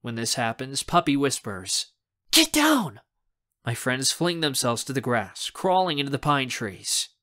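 A man narrating a young adult novel in the first person, expressive and acting out the scenes. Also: medium pitch, moderate pace. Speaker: audiobook narrator.

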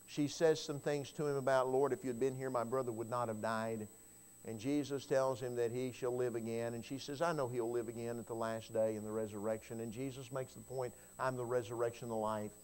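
In church, a man with a mid-range voice preaches a narrative sermon at a slightly quick pace, his intonation fairly even. His loudness swings widely, from hushed lows up to resounding cries. He often says a word or two twice as he launches into a phrase.

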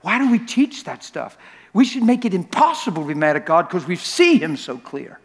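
A man preaching a sermon in a church, telling stories with lots of repetition and sometimes building up to a shout. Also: high voice, moderate pace, husky, long reverb tail. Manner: animated, repetitive storytelling that swells to shouting. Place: church sanctuary.

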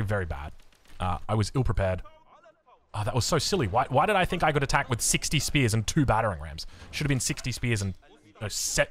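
An Australian man commentating his own strategy game as he plays, excitable and foul-mouthed, jumping from yelling at his units to muttering about his mistakes. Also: fairly low pitch, breathy edge. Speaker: gameplay streamer. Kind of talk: live gameplay commentary.

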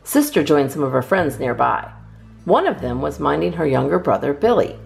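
A woman reads a children's storybook aloud in a low, gravelly voice. Her reading is lively and rises and falls expressively, with faint guitar music in the background. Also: moderate pace. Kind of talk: children's read-aloud narration.

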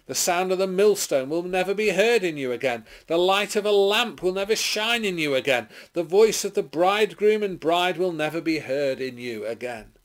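English clergyman reading scripture, rather high. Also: lively intonation, normal speed, few pauses. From England. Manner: declaims loudly and rises in pitch on exclamations. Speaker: clergyman giving a short Bible reflection. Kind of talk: dramatic scripture reading then sermon.

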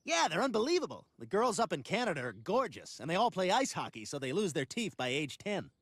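Lecherous cartoon man, high, lively sing-song crooning. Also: fairly quick, husky, full character voice. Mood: leering boast. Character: lecherous middle-aged man, boastful and leering.

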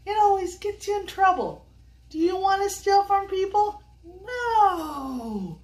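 A woman's voice: extremely high pitch, expressive, slow, darkish tone. An older woman reads a picture book to children, asking them sing-song questions and coaxing them along. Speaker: children's storyteller. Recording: echoey room, voice from a distance.

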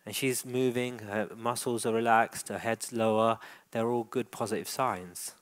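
A man's voice: mid-range voice, steady tone, unhurried. A man who works as a dog trainer, leading a live training demonstration and coaching handlers with frequent praise.

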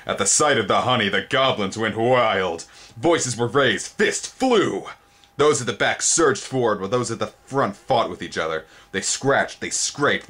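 Man, very low voice, dramatic storybook reading, theatrical pitch jumps, shows the pictures. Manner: theatrical, sudden pitch jumps on exciting words; pauses to show the book's pictures. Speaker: storybook reader.

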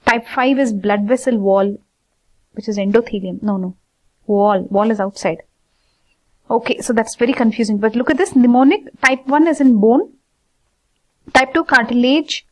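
Chatty woman teaching anatomy. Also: a little high. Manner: chatty, repeats terms slowly, asks students questions. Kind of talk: informal online lecture.

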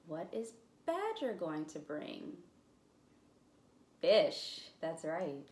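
A woman librarian reading a picture book aloud at storytime, with slow, expressive, encouraging delivery. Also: lowish voice, roomy sound. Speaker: children's librarian.

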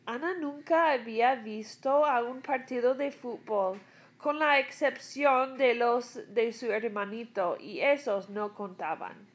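Woman Spanish teacher, casual and chatty, higher-pitched, recording a lesson on a tablet. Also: measured pace. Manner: relaxed, chatty, with fillers. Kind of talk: reading a class reader aloud, then retelling it in English.

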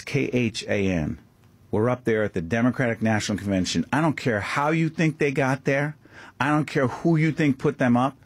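A man's voice: medium pitch, no room sound. A man, guest-hosting a talk radio show with emphatic, impassioned commentary in a studio. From Newark, New Jersey. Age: 50s. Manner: impassioned, emphatic, rhetorical questions. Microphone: studio microphone.

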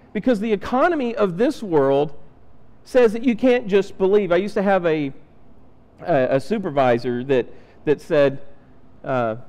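A high-pitched, slightly mellow male voice fills a reverberant church hall. Preaching in a conversational style from the sanctuary, he plays out the lines of the Bible characters he describes.

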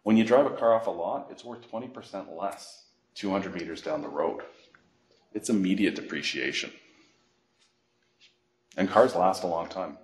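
Male financial educator, middle-aged, animated anecdotal presenter, low voice. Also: normal speed, pauses often, a little hiss or hum. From Canada. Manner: animated storyteller, acts out phone calls. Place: library meeting room. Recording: echoey room.

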